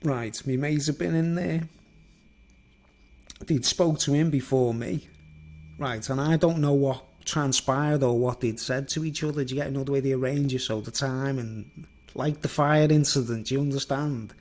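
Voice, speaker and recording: A man recounts a personal story in a casual, meandering way. His speech is loose and full of fillers like "like" and "you know", and his voice sits at an ordinary middle pitch for a man. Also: fairly even intonation, normal speed, darkish tone. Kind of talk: rambling spoken anecdote.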